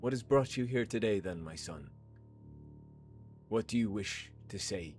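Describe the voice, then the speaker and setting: A man voicing a wary priest in a confessional who speaks in a hushed, evasive, pastoral way. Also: fairly low pitch, expressive, measured pace, soft background music.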